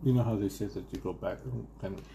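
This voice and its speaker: A middle-aged man, a dad whose first language is Spanish, talking casually at dinner in a low-key manner with wry jokes. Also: fast, vocal fry, warm tone. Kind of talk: casual family chat.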